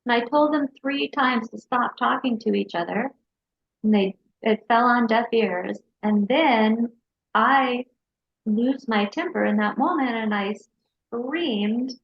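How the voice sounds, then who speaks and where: A woman therapist telling a personal story in an interview, in a lively storyteller's manner. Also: fairly high pitch, slow pace, gravelly, breathy edge. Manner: lively storyteller who acts out her kids' voices. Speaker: hypnotherapist and mental health counselor. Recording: dull lo-fi sound.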